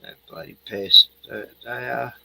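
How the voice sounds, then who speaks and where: A man's voice: on the low side, moderate pace, vocal fry, pushed and bright, breathy edge, poor audio. A man in a rambling casual chat, swearing freely, laughing and trailing off mid-sentence. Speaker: host reacting to a video.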